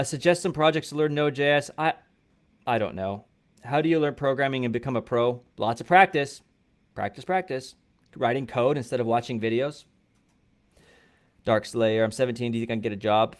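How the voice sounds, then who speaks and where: A man with an ordinary mid-range voice hosts a livestream Q&A from a small studio room. He reads viewer questions and answers them in a relaxed, conversational way. His answers are blunt and full of fillers. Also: medium pitch. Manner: loose and conversational, with frequent fillers and blunt advice. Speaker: host of a coding livestream. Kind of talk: casual livestream Q&A, reading chat questions.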